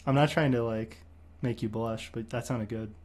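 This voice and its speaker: A man hosting a casual live stream chat, talking in a flat, deadpan monotone. His voice sits at an ordinary middle pitch. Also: normal speed. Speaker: streamer host.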